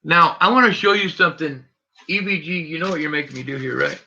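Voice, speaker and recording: A man hosts a casual livestream, talking straight to his viewers in a nervous, joking way. His voice is very bright and sharp-edged. The audio is dull and lo-fi. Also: a little high, fast. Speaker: livestream host.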